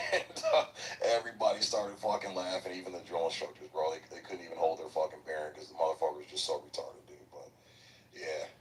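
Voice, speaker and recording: A man with a low, deep voice spins crude, slang-heavy anecdotes about boot camp, swearing freely as he rambles. He sits a little back from the microphone, so he sounds slightly distant. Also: steady tone, fast, slight background noise. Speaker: guest, military veteran. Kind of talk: casual profane storytelling.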